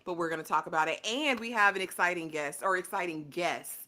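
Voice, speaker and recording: Woman, bright tone, sassy recap chat, dramatic storyteller, casual co-host. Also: on the low side, brisk. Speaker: podcast co-host.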